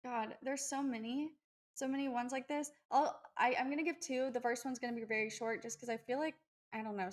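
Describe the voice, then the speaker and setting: A young woman co-hosting a podcast, telling personal stories in a chatty, animated way. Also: on the high side. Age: young adult. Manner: chatty, animated storytelling with acted-out quotes. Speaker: podcast co-host. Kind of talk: casual podcast chat.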